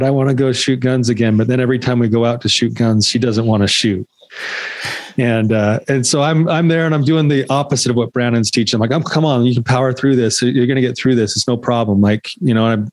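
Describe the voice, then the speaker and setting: A man in his thirties or forties tells a story as a podcast co-host, in a casual, animated way. He acts out the voices of the people in it. His voice sits at an everyday pitch, recorded dry and close with no room sound. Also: no echo.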